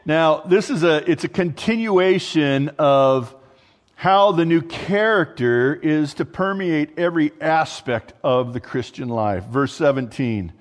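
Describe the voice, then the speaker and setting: A man's voice: on the high side, animated, slow pace. A male pastor preaching a sermon in a conversational way, with joking asides and restarts mid-thought. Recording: long hall reverb.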